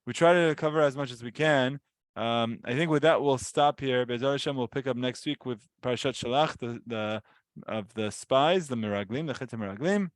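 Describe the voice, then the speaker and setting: A man's voice: medium pitch, normal speed, dry recording. A man giving a casual weekly Torah lesson, telling the story with animation and acting out voices. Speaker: Torah teacher.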